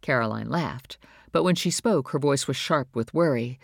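An audiobook narrator reading a novel in a measured, even storytelling voice on a close studio mic. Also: mid-range voice, gravelly, no echo. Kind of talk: scripted narration.

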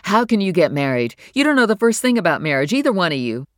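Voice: mid-range voice, animated, moderate pace, no echo, clean studio sound, natural voice. A narrator voicing a tired, worried mother who speaks sharply and with strained patience in an audiobook. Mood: exasperated. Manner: sharp and exasperated. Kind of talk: audiobook character voice.

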